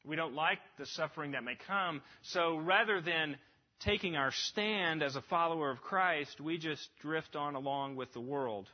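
A man preaching a sermon, earnest and emphatic, swinging between lifted passages and hushed drops. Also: fairly high pitch, moderate pace. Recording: dull lo-fi recording.

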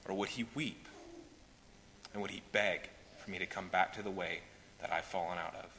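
A male pastor preaching with passion, his voice bright and ringing. He swings from loud pleading down to hushed, quiet lines. The sound carries a long hall reverb with a faint hiss underneath. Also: sits low, steady tone, moderate pace, creaky. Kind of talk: sermon. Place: church sanctuary.

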